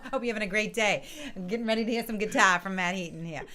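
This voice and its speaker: A crowd can be heard behind this woman's fast, mid-range voice. She hosts an online music session with a casual live-stream welcome, greeting participants one by one and laughing often, via a computer mic on a video stream.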